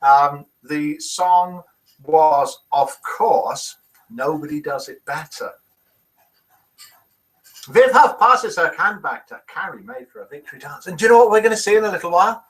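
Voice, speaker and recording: Chatty older host with a bright voice. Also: male voice, a little high, measured pace, poor audio. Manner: chatty, reads viewers' messages aloud. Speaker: host of a live daily quiz and chat show. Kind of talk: live webcast hosting, reading out comments. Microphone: desk microphone.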